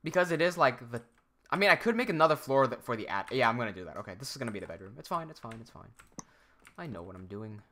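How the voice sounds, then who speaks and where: A man's voice: medium pitch, animated, quick pace, bright, forceful tone, slight background noise. A young adult man chatting casually on a live stream while gaming, rambling and often cutting himself off. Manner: rambling, self-interrupting, reads chat aloud.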